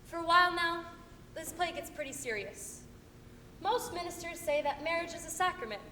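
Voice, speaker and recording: A woman's voice: very high voice, expressive, moderate pace, sharp tone, a little hiss or hum, exaggerated voice. A woman playing a folksy, wry stage manager who narrates a live stage play, talking plainly to the audience. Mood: musing. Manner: dry, chatty and plainspoken to the audience. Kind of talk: live amateur stage acting. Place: theater stage. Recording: echoey hall from far off.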